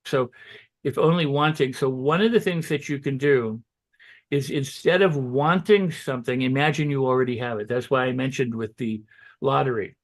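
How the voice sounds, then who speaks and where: A man giving motivational self-help advice as a guest, talking loosely and acting out excited self-talk in quick quoted asides. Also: mid-range voice. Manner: loose and conversational, with restarts and "you know". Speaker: guest on a holistic health show.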